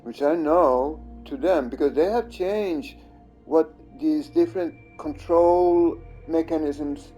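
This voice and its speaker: Slow, dark-voiced man ranting over gameplay. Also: a little high, soft background music. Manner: rambling and accusing, swears at the screen. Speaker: gamer recording his own gameplay. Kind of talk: casual commentary over gameplay.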